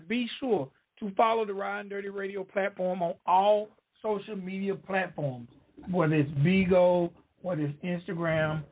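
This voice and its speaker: Southern-drawl male host, high voice, hyped repetitive patter, heard over a tinny phone line. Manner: emphatic, repetitive promo patter. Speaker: radio show host. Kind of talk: hyped-up podcast interview hosting.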